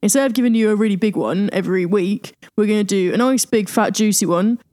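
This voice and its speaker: A woman's voice: mid-range voice, fast, no room sound, studio quality. Woman, podcast co-host, casual, blunt, mid-range voice. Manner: relaxed, blunt, swears in reactions. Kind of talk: casual chat.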